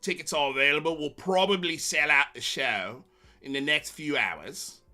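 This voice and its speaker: A man's voice: fairly high pitch, moderate pace, bright, forceful tone, faint music behind. A man voicing a hammy Cockney-accented version of himself, promoting a live show. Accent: Cockney, put on.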